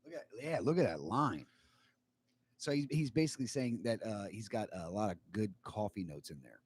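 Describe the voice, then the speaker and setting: A man co-hosting a casual cigar livestream, joking and quick to laugh. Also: fairly low pitch, animated, darkish tone, husky. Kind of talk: casual chat.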